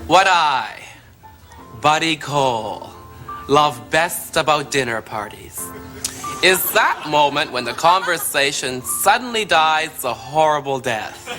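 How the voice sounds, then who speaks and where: An actor playing a flamboyant, catty gay socialite, delivering an arch, mocking sketch monologue with studio audience laughter behind. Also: male voice, a little high.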